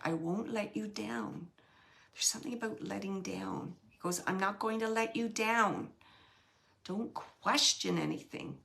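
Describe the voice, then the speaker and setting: Female medium giving a live reading. Gravelly texture, halting delivery with whispered asides. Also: medium pitch. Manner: relays messages in a soft, halting way, often dropping to a whisper.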